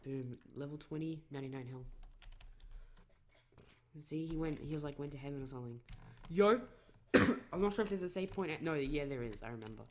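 A man's voice: a little high, a little fast, slight background noise. A man rambling through let's play commentary at his computer, full of self-corrections and fillers. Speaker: gamer.

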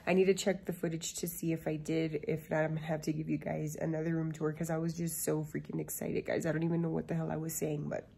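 A woman's voice: low voice, little pitch movement, fast, creaky, few pauses, dark tone, husky, poor audio. A young woman in her twenties chatting casually to a handheld camera as a travel vlogger, bubbly and full of fillers. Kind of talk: casual vlog chat.

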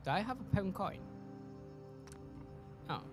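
A man's voice: sits high, sing-song, a little slow, music in the background. A man with a Scottish accent giving casual, joking, sweary commentary while playing a game. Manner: sweary, joking, rambling asides. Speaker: gaming streamer.

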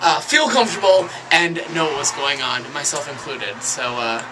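A man in his late twenties, a wrestler, giving a halting tribute full of fillers and restarts. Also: fairly high pitch, very noisy. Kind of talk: recorded tribute message.

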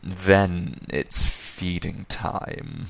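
A man's voice: deep voice, little pitch movement, very slow, creaky, no room sound, heavily acted. A man voicing a flippant, condescending male elf who lectures at length with sarcasm. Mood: lecturing.

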